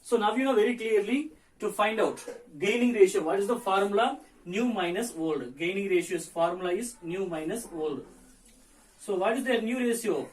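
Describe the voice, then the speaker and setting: Male teacher, hoarse with fever, high voice, heard from a distance, patient step-by-step working. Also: expressive, moderate pace. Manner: repetitive step-by-step explaining. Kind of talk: accountancy lesson.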